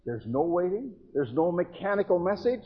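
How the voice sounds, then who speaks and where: A man's voice: sits high, big pitch swings, moderate pace, breathy edge, highs cut off. A man preaching an evangelistic sermon, earnestly telling stories and retelling dialogue to warn young listeners. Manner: earnest storytelling with retold dialogue.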